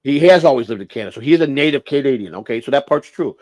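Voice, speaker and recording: A man's voice: medium pitch, expressive, very fast, a little mellow, no echo. Rambling, blunt male livestream host. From United States. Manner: rambling, blunt, swears freely, stumbles and restarts. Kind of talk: casual livestream chat.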